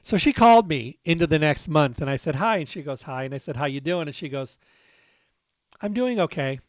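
A man hosts a casual health talk, telling a personal story and acting out the dialogue conversationally while stressing repeated words. His voice is on the high side, lively and fast, and the recording is dull, dry and lo-fi.

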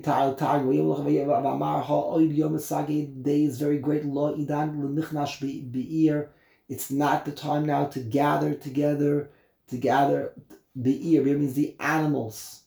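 A man teaching a Torah class, explaining verses and commentary in an animated way that acts out the voices of the people in the text. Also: a little high, vocal fry, roomy sound. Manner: animated, acts out voices, switches between Hebrew and English.

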